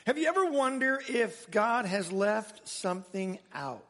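A man's voice: high-pitched, gravelly, a bit bright, long reverb tail. A man preaching a sermon, telling a story in a chatty way with laughs and asides.

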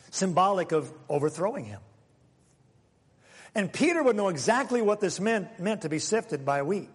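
Male pastor preaching with big swings in pitch, husky tone, long hall reverb. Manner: animated preaching, dropping to hushed asides. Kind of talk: sermon.

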